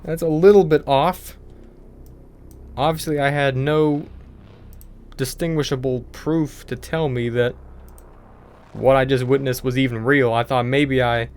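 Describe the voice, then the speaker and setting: A man's voice: medium pitch, clean tone. A young man hosting a gaming channel, telling a story casually over gameplay, in a rambling way with lots of filler words.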